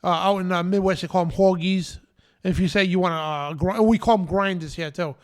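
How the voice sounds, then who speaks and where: A high-pitched man chats loosely as a live radio host. He talks in rambling bursts with plenty of fillers and asides. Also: steady tone, fairly quick. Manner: chatty, laughing, full of fillers. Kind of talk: casual live radio chat.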